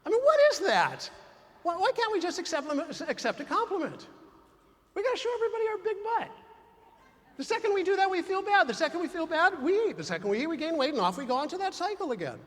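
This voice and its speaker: An extremely high-pitched man speaks at a quick pace, his voice trailing into long reverb. The keynote speaker entertains a large conference audience in a big hall with a humorous motivational talk full of animated, acted-out story dialogue.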